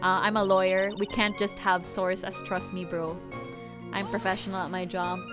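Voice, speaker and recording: A woman's voice: mid-range voice, flat delivery, normal speed. A woman streamer giving casual commentary while playing, full of joking, playful asides. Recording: game music behind the voice.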